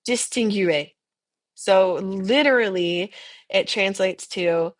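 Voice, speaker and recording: A young woman teaching a French lesson, explaining patiently in English and modeling phrases slowly and clearly for students to repeat. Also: lowish voice. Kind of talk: recorded language lesson, repeat-after-me drills.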